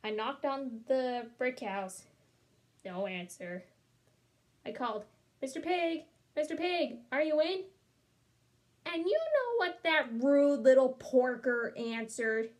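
Wry, confiding storybook wolf, male, read by a woman, a bit high-pitched. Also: sing-song, slow pace. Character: smooth-talking male wolf defending himself. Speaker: storybook reader. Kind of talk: children's read-aloud.

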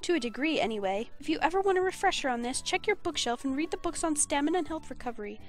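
Woman putting on a high doting granny. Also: animated, fast talker, faint music behind. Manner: high, sing-song and fussing. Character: kindly old granny, doting and chatty.

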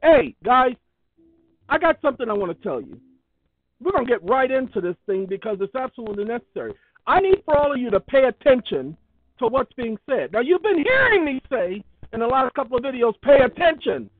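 Emphatic man with a lively, high voice. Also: a little fast, no echo. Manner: emphatic, repetitive, preachy. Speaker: online video host. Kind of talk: casual monologue reading out a court ruling. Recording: tinny phone-like sound.

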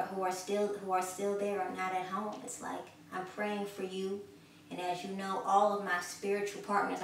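A woman's voice: medium pitch, slight background noise. A woman giving a spoken sermon in an earnest way, repeating phrases for emphasis and swelling in volume when she exhorts. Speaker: preacher. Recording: echoey room, from a distance.

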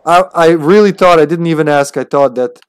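A man's voice: fairly high pitch, brisk, clean tone, no echo. Chatty male game streamer, dry close sound. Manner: chatty, swears freely, thinks aloud with restarts. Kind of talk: casual gameplay commentary.

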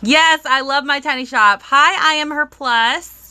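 A woman's voice: high voice, measured pace, sharp tone. A young woman, chatting bubbly on a live stream as she unboxes toys and greets viewers.

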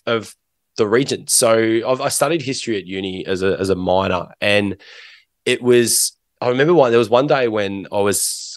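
A middle-aged Australian man with a fairly low voice, speaking as a podcast guest. He talks in long rambling stretches, circling back with restarts and fillers. The sound is dry and close to the mic. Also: no echo. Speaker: interview guest. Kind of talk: casual interview talk.

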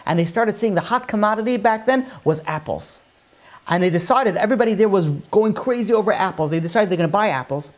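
A man's voice: a little high, a little fast. A man, a rabbi, telling stories in a Torah class, conversational with frequent fillers and restarts, lifting his voice when he quotes characters. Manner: animated storyteller who raises his voice for quoted characters.

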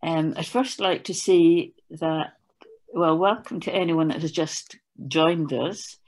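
A woman chairing an online meeting who speaks in a polite, measured way. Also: low voice, darkish tone.

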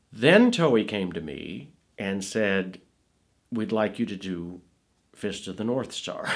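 A man's voice: medium pitch, a bit bright. A middle-aged man, a film producer and voice actor, telling stories about his career in an interview, rambling with many asides and restarts. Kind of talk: conversational interview storytelling.

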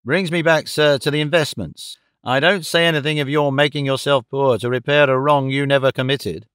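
A man reading the part of a blunt, energetic male rent collector who speaks in short, emphatic bursts. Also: medium pitch, normal speed, smooth, no echo, clean studio sound, natural voice. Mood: urgent.

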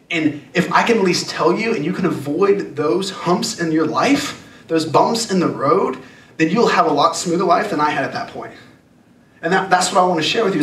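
A man's voice: a little high, fairly bright tone. A man preaching a sermon to students as youth pastor, earnest and conversational, repeating phrases for emphasis. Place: church youth hall. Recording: echoey hall, mic at a distance.

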